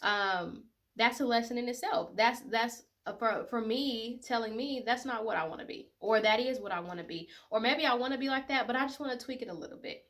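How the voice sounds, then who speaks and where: Young woman, 20s, vlogger; bright, soft-spoken, sincere, loose casual delivery. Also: a little high, fairly quick. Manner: emotional, tearful at times, many fillers. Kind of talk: casual personal talk to camera.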